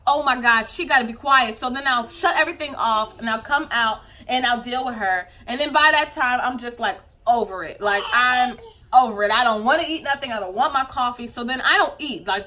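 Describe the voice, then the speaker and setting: A young woman talks to her camera in a casual confessional vlog, speaking in with a bright, forceful tone. Her voice sits a bit high, and her talk is candid and emotional, full of fillers. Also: normal speed. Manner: emotional, tearful at times, candid, lots of fillers. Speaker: vlogger, new mother.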